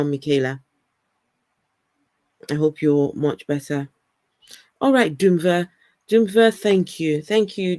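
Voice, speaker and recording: Woman, African-British accent, livestream host, unhurried, dry close sound. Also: sits low, no echo. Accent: African mixed with British. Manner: chatty, repeats words, laughs often. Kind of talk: casual livestream chat reading comments.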